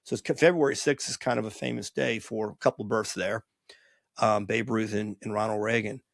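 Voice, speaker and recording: A man's voice: on the low side, steady tone, brisk, creaky, no room sound, clean studio sound. A man in his sixties from the Washington, D.C. area, hosting a podcast and telling rambling, nostalgic stories in a casual monologue. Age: 60s. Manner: rambling, digressive, nostalgic storyteller. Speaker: podcast host and college baseball coach.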